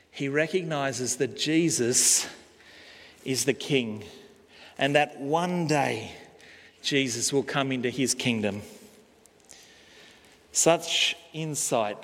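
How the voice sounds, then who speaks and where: A male pastor preaching a sermon, slow and emphatic, pausing on key words. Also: mid-range voice. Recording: long hall reverb.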